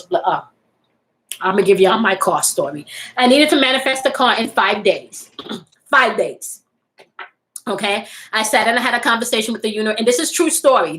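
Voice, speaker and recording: A woman's voice: medium pitch, a bit bright, low-quality recording. A woman in her forties hosting a casual spiritual live stream, speaking frankly and playfully to her viewers and laughing often. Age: 40s. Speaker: spiritual host reading live chat.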